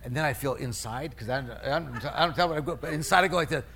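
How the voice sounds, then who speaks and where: A man's voice: mid-range voice, fast talker, background noise. A middle-aged male pastor preaching a sermon in a conversational, storytelling way, restarting phrases and poking fun at himself. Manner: conversational preaching, storytelling with self-mocking humor; restarts and self-corrections mid-phrase.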